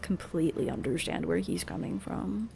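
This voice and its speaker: A woman's voice: sits low, huge pitch swings, normal speed, vocal fry, warm tone, soft background music. A woman from Canada talking casually to chat while she streams a story game, chatty and full of little restarts. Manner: chatty, answers chat, frequent "like" fillers. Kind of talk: live gameplay commentary.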